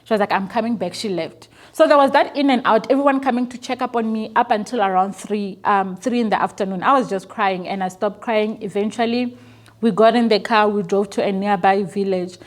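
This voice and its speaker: A woman's voice: medium pitch, fairly even intonation, fairly quick. A young woman telling a painful personal story as an interview guest, earnest and emotional, sometimes stumbling and repeating her words. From South Africa.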